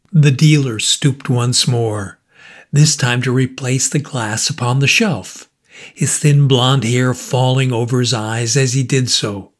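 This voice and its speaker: A man reading a classic story aloud as an audiobook narrator, in a measured storytelling manner. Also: medium pitch, fairly even intonation. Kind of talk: scripted narration.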